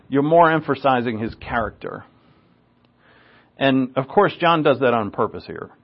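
A man of middle pitch gives an expository Bible lesson. He leans hard on key words and clears his throat often. The recording is a little dull and lo-fi. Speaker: Bible teacher. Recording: slightly dull lo-fi sound.

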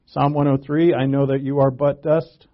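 A man preaching a sermon in a conversational way, growing animated when he acts out quotes. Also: medium pitch, moderate pace. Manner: conversational, animated when quoting, asides and chuckles. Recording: dull lo-fi recording.

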